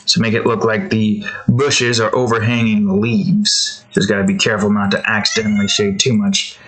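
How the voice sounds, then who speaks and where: A man's voice: lowish voice, lively intonation, normal speed, fairly bright tone, slight background noise. A man casually chatting while he draws, rambling through a story with many fillers. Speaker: artist vlogger. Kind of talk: casual drawing commentary.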